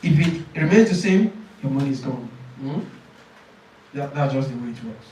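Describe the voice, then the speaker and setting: A man's voice: mid-range voice, animated, normal speed, warm tone, slight background noise. A man teaching an IELTS speaking class. He models exam answers, repeats phrases and keeps asking the class if they understand. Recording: very echoey room, speaker far from mic.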